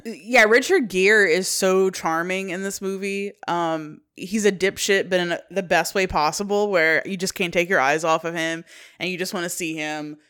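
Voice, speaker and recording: A woman's voice: lowish voice, fairly even intonation, moderate pace, a bit bright, smooth. A young adult woman co-hosting a podcast, gushing enthusiastically and swearing casually. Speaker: podcast co-host. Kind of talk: casual chat.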